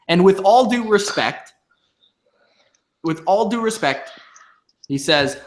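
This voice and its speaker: A young man reviewing a wrestling episode in relaxed chat, his voice sitting a little high. He walks through each segment and drags out the quoted lines for effect. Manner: retells promos, often slowing to quote lines. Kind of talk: casual recap and commentary.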